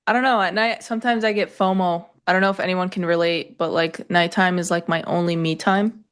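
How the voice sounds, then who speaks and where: Woman cohost talking markets, casual, quick dry jokes. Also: fairly low pitch, fairly even intonation, clear, resonant tone. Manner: chatty, sarcastic, quick asides. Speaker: co-host. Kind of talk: casual trading chat.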